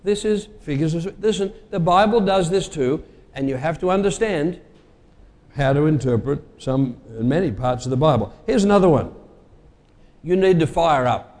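Man, preacher, sermon, slightly higher voice, chatty, quizzes the congregation, long hall reverb. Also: animated, normal speed, darkish tone. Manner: conversational, quizzing the congregation with idioms.

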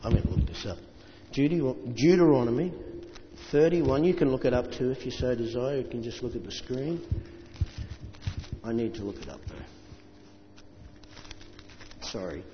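A man preaching a sermon, chatting to the congregation with asides and reading scripture aloud, slowing down for emphasis. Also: mid-range voice, noisy background. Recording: dull sound with long reverb in a hall.

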